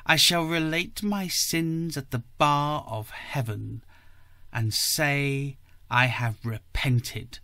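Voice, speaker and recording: A man's voice: a little high, steady tone, slow, bright, forceful tone, no room sound, pitched above the performer's own voice, full character voice. A man reading the part of an aging, proud noblewoman who is wistful and bitter, in a plaintive, dramatic way.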